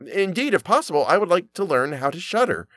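A man's voice: high voice, sing-song, a little fast, a bit bright, no room sound, pitched above the performer's own voice. A man doing a stammering, fearless simple lad. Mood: earnest. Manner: earnest, stammering. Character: simple-minded fearless young male lad.

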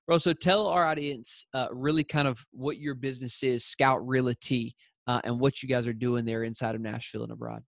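Southern American man, podcast host, excitable and rambling, dry close sound. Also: medium pitch, fairly quick, gravelly, dry recording. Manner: eager, many fillers and restarts, leads a prayer. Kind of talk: enthusiastic interview podcast.

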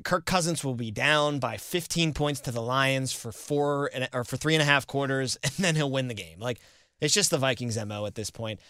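A man with a bright, forceful voice co-hosts a casual sports chat. He talks in an animated, teasing way and often repeats himself, in a dry room. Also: mid-range voice, normal speed, clear, resonant tone, no echo. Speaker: co-host.

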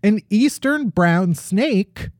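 Speaking very slowly yet with plenty of animation, this mid-range host reads quirky news on a casual podcast chat. There's no echo, and the delivery is full of dry humor and laughter.

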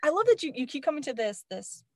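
A woman's voice: high voice, very animated, fast talker, no room sound, clean studio sound. A woman hosting a podcast, enthusiastic and affirming as she interviews her guest. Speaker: podcast host.

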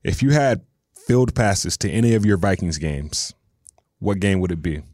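Man, interview host, easygoing, laughs along, low voice. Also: lively intonation, moderate pace, a little mellow, no room sound, studio quality. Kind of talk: casual interview.

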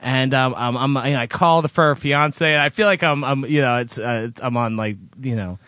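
A man's voice: medium pitch, normal speed, a bit bright, no room sound, studio quality. A man co-hosting a casual podcast, telling an embarrassing story about himself in a sheepish, self-deprecating way. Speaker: podcast co-host.

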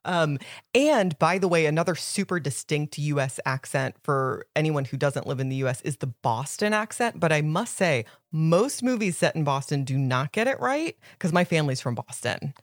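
A woman's voice: low-pitched, lively intonation, normal speed, no echo, clean studio sound. Laughing woman podcast co-host. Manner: laughing, enthusiastic. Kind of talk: casual chat.

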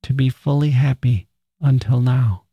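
A man's voice: medium pitch, measured pace, husky, no echo, dull audio. A man whispering as a frail dying woman. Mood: tender. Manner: whispered, earnest and tender.

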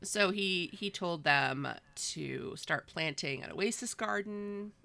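A woman's voice: on the low side, slow pace, creaky, pushed and bright. A woman recapping a book in casual chat, with wry, sarcastic asides. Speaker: podcast co-host.

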